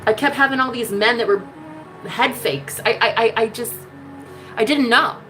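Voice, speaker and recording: This spiritual love-reading vlogger speaks at normal speed in a slightly bright, high-leaning voice, swearing a lot, calling the listener "honey," and preaching with sass and passion. Music runs underneath, and the audio is poor.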